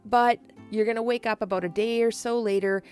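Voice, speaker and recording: A woman's voice: on the high side, fairly even intonation, a little fast, darkish tone, clean tone, faint music behind, close to an everyday voice. A woman doing a kindly scheming friar. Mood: reassuring. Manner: reassuring, conspiratorial. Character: kindly scheming middle-aged male friar.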